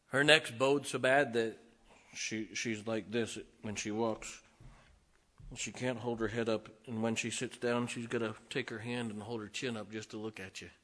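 Middle-aged male pastor, husky edge, earnest sermon that builds to loud preaching. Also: medium pitch.

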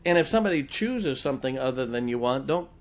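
A man's voice: medium pitch, animated, fast talker, very noisy. A middle-aged man preaching a sermon as pastor, folksy and often joking and laughing with the congregation.

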